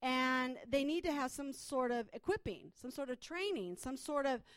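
A woman's voice: high voice, animated, normal speed, smooth, no room sound. A woman minister telling her testimony in a chatty way, full of fillers and restarts. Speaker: prophetic minister. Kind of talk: personal testimony.

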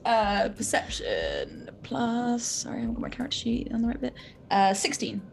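A woman playing a tabletop game, thinking aloud about her character in an excitable way with many fillers. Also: fairly high pitch, normal speed, creaky, a little hiss or hum. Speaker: player. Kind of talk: tabletop game player talk.

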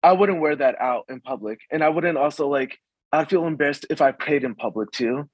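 A young man from the Washington, DC suburbs joins a casual conversation as a guest, speaking haltingly with lots of fillers and restarts. His voice is a little high and husky, captured dry with no echo on a low-quality recording.

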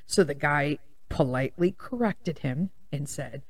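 A woman's voice: low-pitched, measured pace, a little mellow. A woman in her thirties or forties hosting a casual chat podcast, rambling through personal stories with tangents and blunt, profane asides. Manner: blunt and profane when worked up. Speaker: podcast host.

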